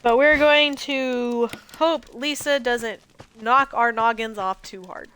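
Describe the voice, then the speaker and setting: A woman's voice: fairly high pitch, takes it slowly, fairly bright tone, a little hiss or hum. A woman in her twenties giving chatty, joking commentary over gameplay, often exclaiming. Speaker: gameplay streamer. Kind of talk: casual let's play commentary.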